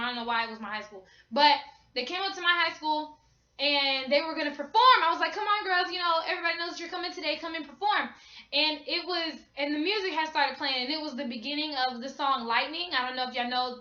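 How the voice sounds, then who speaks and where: Young woman vlogger, high bright voice, chatty slangy storytelling, echoey small room. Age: young adult. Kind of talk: casual storytime. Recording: echoey room, slightly dull sound.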